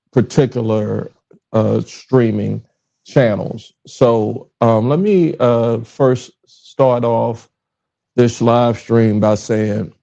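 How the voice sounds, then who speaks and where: Gravelly Southern man on a lo-fi livestream. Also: medium pitch, warm tone. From Richmond, Virginia. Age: middle-aged. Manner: rambling, self-interrupting, fumbles with his stream setup. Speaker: podcast host. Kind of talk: casual solo livestream talk. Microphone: livestream with phone recording. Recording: slightly dull, lo-fi livestream audio.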